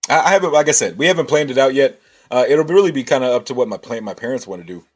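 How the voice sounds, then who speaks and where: A man's voice: medium pitch, animated, rapid-fire. A man hosting a casual livestream, thinking aloud and answering chat with many restarts.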